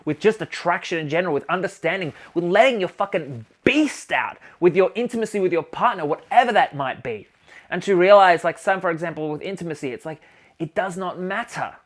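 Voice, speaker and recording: A man talking casually to camera as a healing coach, animated and emphatic, swearing freely as he talks. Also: high voice, fairly quick. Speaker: healing coach and channel host. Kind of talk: casual self-help monologue to camera.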